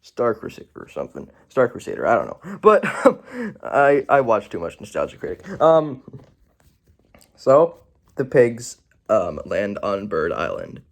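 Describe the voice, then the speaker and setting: A man talks through a movie review in a loose, rambling way, often starting a word and then correcting himself. His pitch swings sharply up and down from phrase to phrase, giving the talk a lively, animated feel. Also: a little slow. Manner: rambling, with self-corrections and asides. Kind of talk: casual video review.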